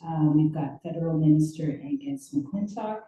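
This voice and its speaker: A woman hosting a book conversation, asking questions in a halting way with many fillers. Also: low voice, mellow, far from the mic, a little hiss or hum. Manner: hesitant, lots of uh and um fillers. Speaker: event host interviewer. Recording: very echoey room, voice from afar.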